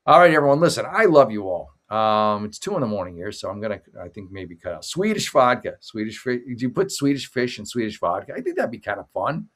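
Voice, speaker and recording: A man's voice: on the low side, very animated, fairly quick, few pauses, fairly bright tone. A middle-aged man hosting a late-night livestream from his father's home office on a makeshift mic, rambling and joking as he thanks viewers by name. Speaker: livestream show host. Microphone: makeshift desk mic setup.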